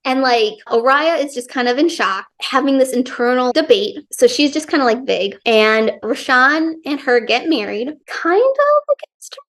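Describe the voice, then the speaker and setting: A woman's voice: sits high, moderate pace, hardly any pauses, a bit bright. A young woman giving a casual, enthusiastic book review, chatty and full of fillers.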